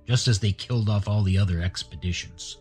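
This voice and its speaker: A man's voice: lowish voice, a little fast, a little mellow, slightly rough, faint music behind. A man voicing a rigid, dutiful male alien pilot who speaks in a stern, commanding way. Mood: scornful.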